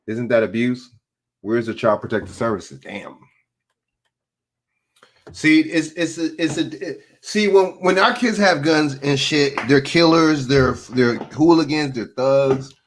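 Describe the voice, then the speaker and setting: A man hosting a stream, giving blunt, profane commentary on clips and repeating himself as he answers chat. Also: medium pitch. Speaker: streamer host reacting to clips. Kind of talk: casual opinionated commentary.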